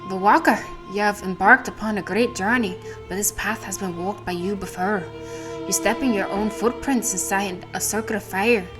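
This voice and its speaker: A riddling woman seer with an Irish lilt, as a woman puts her on, speaking slow, grave prophecies in a middling voice. Game music plays clearly underneath. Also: mid-range voice, natural voice. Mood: solemn. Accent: Irish, put on. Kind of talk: voicing game dialogue.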